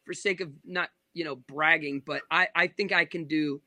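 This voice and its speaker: A man in his thirties who works as a pastor, telling a long story in casual conversation. His voice is bright and a little high for a man, and he rambles with asides and restarts. The recording is dry and close. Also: fairly even intonation, moderate pace, dry recording.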